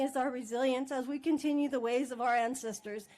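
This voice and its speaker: A woman's voice: high voice, fairly even intonation, a little fast, hardly any pauses, darkish tone. A tribal chairwoman giving an emotional ceremony speech outdoors at a podium microphone, partly reading and partly speaking off script with candid, laughing asides. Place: outdoor monument ceremony in a park.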